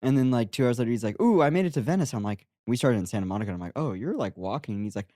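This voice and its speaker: A young man in casual chat, joking and chiming in with quick agreement. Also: on the low side, mellow, no echo, studio quality.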